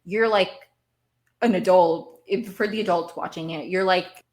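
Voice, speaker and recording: A woman's voice: lowish voice, a little slow. A woman hosting a podcast, recapping a TV episode in casual, rambling chat that often repeats itself. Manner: animated, rambling, repeats herself. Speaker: podcast host.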